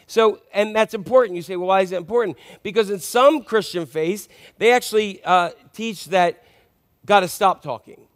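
A man's voice: high voice, normal speed. A male pastor delivering a conversational sermon and often asking the congregation questions.

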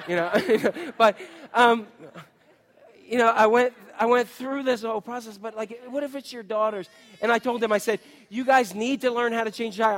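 Middle-aged male pastor with a high voice, telling a lively, comic story in a sermon. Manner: animated storyteller, mimics voices for laughs.

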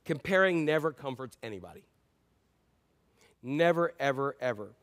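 At a normal speed and medium pitch, with lively intonation, a middle-aged pastor delivers his sermon. He tells stories in an easy conversational way, alternating emphatic loud passages with quiet asides.

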